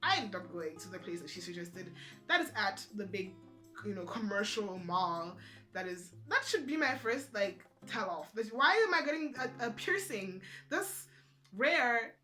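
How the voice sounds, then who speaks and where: Bright-voiced young woman telling a story. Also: mid-range voice, a little slow, faint music behind. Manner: animated, acts out other people's lines in quotes. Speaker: vlogger. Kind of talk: casual storytelling to camera.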